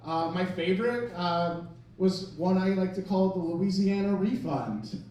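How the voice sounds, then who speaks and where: A man's voice: high-pitched, unhurried. A man in his thirties doing a self-deprecating, rambling stand-up set in a club, with laughter from the audience. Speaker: stand-up comedian. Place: comedy club stage. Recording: echoey club, mic from a distance, crowd.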